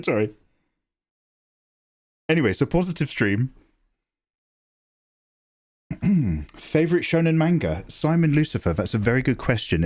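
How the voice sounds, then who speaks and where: A man in his forties chatting casually on a live drawing stream, animated and self-deprecating, swearing freely. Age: 40s. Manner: mocks others with squeaky high voices. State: tearing up, emotional. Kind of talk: casual livestream chat. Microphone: desk mic, no camera.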